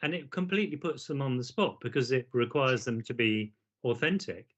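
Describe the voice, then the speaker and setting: A man in a gentle therapeutic conversation, speaking in a measured way and often ending his points with "don't we?". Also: medium pitch, highs cut off. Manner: measured, asks leading questions like "don't we?". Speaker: therapist host.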